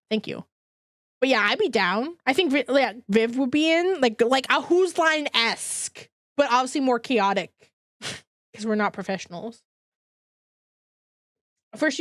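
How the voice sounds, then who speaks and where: A woman's voice: a little high, no echo, studio quality. A congested woman chatting casually with her live-stream audience, bubbly and rambling, laughing often.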